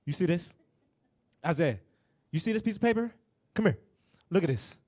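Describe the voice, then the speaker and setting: A man's voice: fairly high pitch, animated, normal speed, darkish tone, voice pushed down. A man voicing a grumpy, bossy old grandfather who scolds and repeats himself. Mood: nagging. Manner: scolding, repetitive nagging.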